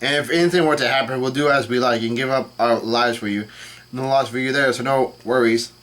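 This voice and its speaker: A man's voice: medium pitch, a little fast. Casual man reading a comic aloud. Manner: reads dialogue aloud flatly, with fillers and self-corrections. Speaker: channel host reacting to a comic chapter. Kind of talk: casual live reading and commentary.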